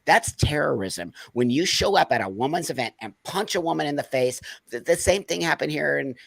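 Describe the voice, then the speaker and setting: A man's voice: fairly high pitch, animated, brisk, creaky, a bit bright, breathy edge, no echo. A man speaking as an interview guest, blunt and passionate, sometimes close to tears. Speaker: guest activist. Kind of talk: emotional interview talk.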